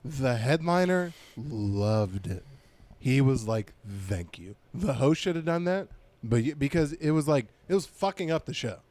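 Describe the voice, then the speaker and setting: A man's voice: mid-range voice, moderate pace, dry recording. A man co-hosting a comedy podcast, telling a stand-up story in casual chat and acting out the people in it. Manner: animated, acts out quotes loudly.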